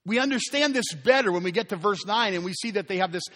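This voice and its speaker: A man's voice: high voice, lively intonation, quick pace, bright, forceful tone, long reverb tail. A man preaching a sermon as pastor, conversational and emphatic, asking his listeners rhetorical questions.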